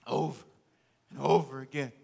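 A man pastor preaching a sermon with emphatic delivery and rhetorical questions, often building to loud peaks. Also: mid-range voice, steady tone, moderate pace, creaky, slightly rough.

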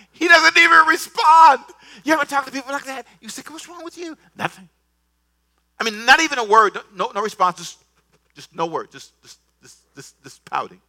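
A man preaching a sermon, swinging from soft asides to loud bursts and acting out the scripture dialogue. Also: mid-range voice. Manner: repeats words, acts out scripture dialogue. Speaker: pastor.

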